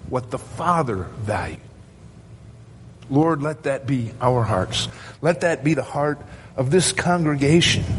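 A man's voice: mid-range voice, a little hiss or hum. A male pastor preaching a sermon to his congregation, earnest and asking rhetorical questions.

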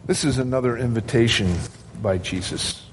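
A man's voice: mid-range voice, moderate pace, slight background noise. A male pastor preaching a sermon to his congregation, earnest and asking rhetorical questions.

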